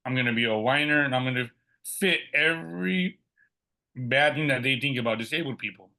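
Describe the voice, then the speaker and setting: Brief: middle-aged man, guest storyteller, bright and forceful tone, acts out what others said. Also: mid-range voice, fairly quick, vocal fry. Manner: lively, acts out quoted dialogue. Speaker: podcast guest. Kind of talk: personal storytelling.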